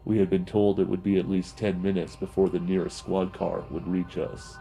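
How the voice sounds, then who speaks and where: Deep, dark-voiced horror narrator man. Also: flat delivery, normal speed, creaky, soft background music, poor audio. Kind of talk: scripted horror story narration.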